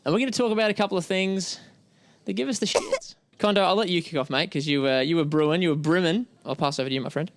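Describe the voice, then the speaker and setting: A man's voice: a little high, fast, dry recording. An Australian man hosting a casual chat, wry and jokey, as a drummer. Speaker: channel host and drummer.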